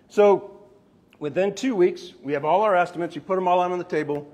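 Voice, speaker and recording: A man with a high, husky voice tells sales stories to a room. He acts out quick exchanges with customers and staff, switching voices as he goes. The delivery is loose and animated, full of asides. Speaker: roofing company owner sharing sales tactics. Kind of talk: storytelling sales talk.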